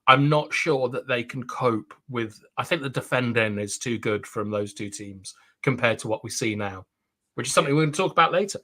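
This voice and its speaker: Casting: male co-host, bright tone, casual, hesitant with restarts, football talk. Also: mid-range voice, brisk. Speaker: livestream co-host.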